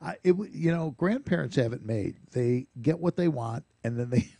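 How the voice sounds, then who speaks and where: A man's voice: mid-range voice, animated, normal speed, creaky, warm tone, no echo. A middle-aged man co-hosting a talk radio show, bantering casually and laughing often. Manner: jokey, laughs often, drops into comic voices. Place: radio studio.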